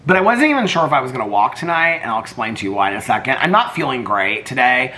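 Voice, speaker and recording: Talking fast with big pitch swings, an older vlogger rambles and laughs, frequently bursting into song, his allergies leaving him slightly congested. His mid-range voice sounds pushed and bright.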